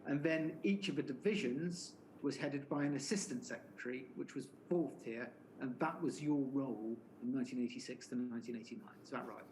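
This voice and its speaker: A man questioning a witness at a formal inquiry, setting out each point step by step with plenty of fillers. His voice sits at a middle pitch for a man. A faint hiss of noise sits in the background. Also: brisk, few pauses, a little mellow, low-quality recording. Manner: methodical, explanatory, many fillers. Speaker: inquiry counsel.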